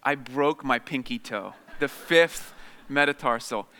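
A man's voice: medium pitch, measured pace, bright, forceful tone. A man in his thirties, a guest speaker telling humorous, self-deprecating personal stories to an audience, with many fillers. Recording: long reverb of a large hall.

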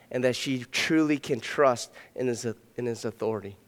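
A man preaching a sermon as pastor, earnest, swinging between loud emphatic passages and soft hushed ones. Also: medium pitch, normal speed, smooth. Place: church sanctuary. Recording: long reverb of a hall.

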